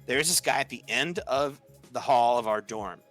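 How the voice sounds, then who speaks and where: A man's voice: mid-range voice, normal speed, a bit bright, soft background music. A young man telling a story in a casual, chatty way, saying "like" often and acting out the quoted lines. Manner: chatty, heavy use of "like", acts out quoted lines. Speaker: podcast storyteller.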